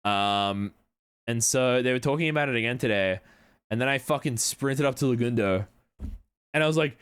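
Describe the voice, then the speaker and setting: A man's voice: mid-range voice, moderate pace, long pauses, a bit bright, clear, resonant tone. A young man chatting casually on a livestream, rambling, swearing now and then, and answering chat messages. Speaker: streamer.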